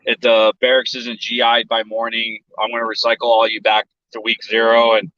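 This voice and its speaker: A man's voice: mid-range voice, completely flat delivery, normal speed, pushed and bright, dull audio. A man from South Texas telling a story in casual chat, blunt and profane, and he acts out the voices of other people. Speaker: podcast guest.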